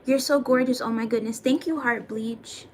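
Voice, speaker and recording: A woman's voice: fairly high pitch, fairly even intonation, normal speed, slight background noise. A young adult woman chatting casually on a livestream, thanking viewers by name and swearing now and then. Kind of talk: casual livestream chat reading comments.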